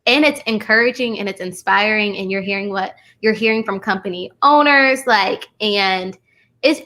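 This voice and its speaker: Female host, mid pitch, effusive and warm with viewers, casual stream chat. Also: moderate pace. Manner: enthusiastic, reads viewer comments aloud, uses "y'all".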